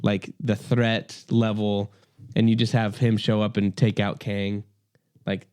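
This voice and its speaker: A man's voice: lowish voice, flat delivery, a little slow, a little mellow, smooth. A man hosting a podcast, running through news in a loose chat with many fillers. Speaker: podcast host. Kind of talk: casual chat.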